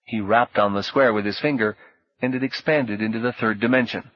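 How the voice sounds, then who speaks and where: A man reading audiobook narration in a measured, even storytelling manner. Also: fairly low pitch, no room sound. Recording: dull lo-fi dry audio.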